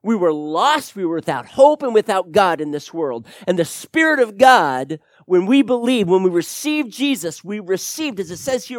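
A man preaching a sermon to his church, dropping to a hush and then building to loud, emphatic points. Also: high voice, sing-song, normal speed, few pauses, dry recording, studio quality. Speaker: pastor.

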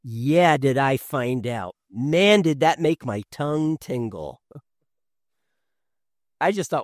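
A man, a father in his thirties, preaching a sermon, swinging from loud emphasis to hushed tones. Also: medium pitch, lively intonation, slow pace, long pauses, no echo, studio quality. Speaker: pastor.

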